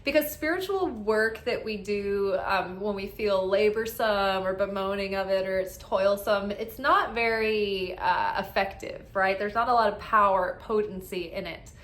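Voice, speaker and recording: A woman with a medium-pitched, slightly bright voice, recorded in an echoey room, offers casual spiritual guidance as an oracle card reader. She is chatty and upbeat, often tagging "right?" onto her thoughts.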